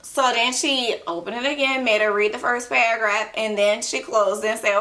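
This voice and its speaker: A woman's voice: on the high side, steady tone, a little fast, few pauses, bright, forceful tone. A woman, a nurse talking in a casual personal vlog from a room at home, chatty and loose with lots of fillers. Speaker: ER nurse and beauty blogger.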